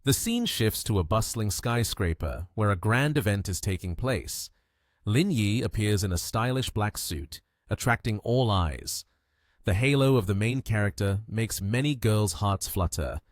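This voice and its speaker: Low-voiced male recap narrator. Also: expressive, unhurried, no room sound, studio quality.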